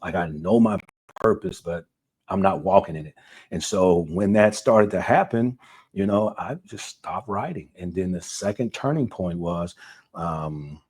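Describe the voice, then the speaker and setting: A man's voice: deep voice, measured pace, darkish tone, husky. A man, an author and car salesman, earnestly telling a personal story in a casual interview, often repeating words. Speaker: author guest.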